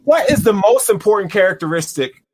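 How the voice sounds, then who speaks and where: A man hosting a casual sports podcast with a Southern US accent, joking and animated with his guests. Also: high voice, brisk, breathy edge. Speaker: podcast host.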